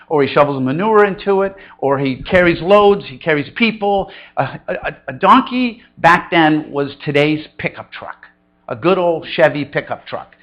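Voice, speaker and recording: A middle-aged man preaching a conversational sermon, telling funny stories and acting out quoted voices. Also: highs cut off. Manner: storytelling, conversational and humorous; acts out quoted voices with big pitch jumps. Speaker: pastor.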